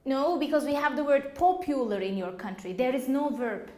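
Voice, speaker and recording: A woman teaching an English class, explaining slowly and patiently and quizzing her students. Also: high-pitched, animated, mellow. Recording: echoey classroom.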